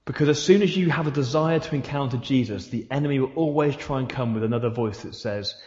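A man's voice: medium pitch, brisk, darkish tone. A man preaching a sermon in a church hall, asking his listeners repeated rhetorical questions. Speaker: pastor. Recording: echoey hall, dull sound.

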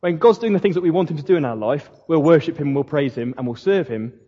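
Man, preaching, conversational, mellow husky voice, long hall reverb, dull lo-fi sound. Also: a little high, expressive, fast. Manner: conversational, with slips and restarts. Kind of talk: sermon.

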